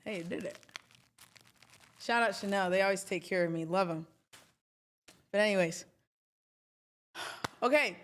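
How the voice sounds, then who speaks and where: Young woman on a live stream, chatty and emphatic, mid-pitched, talks straight to her viewers. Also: a little slow, pauses often. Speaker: trading livestream host. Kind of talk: casual livestream talk.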